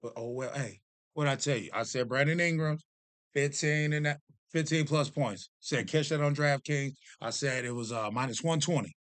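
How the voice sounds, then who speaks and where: A man in his thirties or forties chatting to camera as a vlog host, telling stories in an animated, joking, self-deprecating way. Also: medium pitch, normal speed, no room sound. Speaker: vlogger host. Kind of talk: casual chat to camera.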